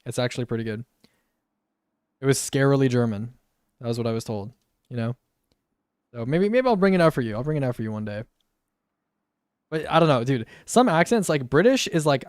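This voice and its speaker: A man's voice: medium pitch, no room sound, studio quality. A young man streamer chatting casually and slangily while he plays. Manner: laid-back and slangy, often says "bro". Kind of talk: casual live-stream chat.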